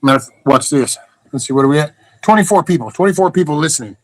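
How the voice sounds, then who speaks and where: A man's voice: fairly high pitch, animated, fast, no echo. Blunt man rambling, dry close sound. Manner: blunt, profane, meandering with restarts. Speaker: livestream host. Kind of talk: rambling casual monologue.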